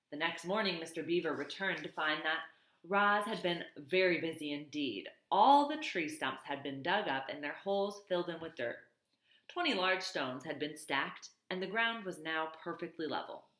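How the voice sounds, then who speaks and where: A woman's voice: sits low, animated, normal speed, a bit bright, echoey room, rough recording. A woman reading a children's novel aloud, in a plain read-aloud manner with small slips and self-corrections. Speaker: reader.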